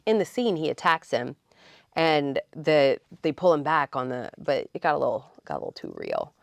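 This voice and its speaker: A woman film commissioner telling lively anecdotes in an interview, quoting people as she goes. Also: sits low, moderate pace, creaky, dry recording. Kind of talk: storytelling in an interview.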